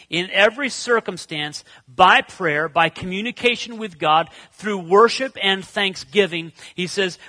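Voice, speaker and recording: A man's voice: high-pitched, pushed and bright, no echo. A middle-aged man preaching a sermon, conversational, telling stories and turning to ask the congregation questions. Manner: conversational, storytelling with asides to the congregation. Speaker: pastor.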